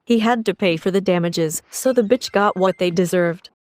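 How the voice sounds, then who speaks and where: A woman's voice: fairly low pitch, moderate pace, noisy background. A woman plainly retelling a story, with a bit of swearing. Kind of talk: casual storytime.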